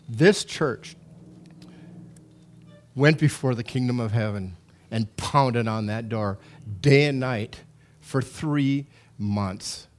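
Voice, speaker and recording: In a medium-pitched voice, this middle-aged pastor preaches with animation and emphasis. His sermon is marked by repetitions and restarts.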